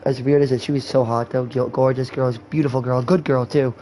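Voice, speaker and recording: A man's voice: medium pitch, level tone, brisk, dark tone, slight background noise, rough recording. A man in his twenties talking in a rambling, candid way and swearing often, while hosting a gaming livestream. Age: 20s. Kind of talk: rambling casual chat.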